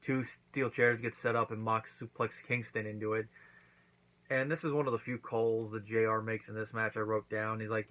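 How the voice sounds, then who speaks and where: A man's voice: lowish voice, little pitch movement, normal speed, a bit bright, low-quality recording. Chatty man recapping a wrestling show. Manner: chatty recap with acted-out quotes. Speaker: wrestling reviewer. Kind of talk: casual review monologue.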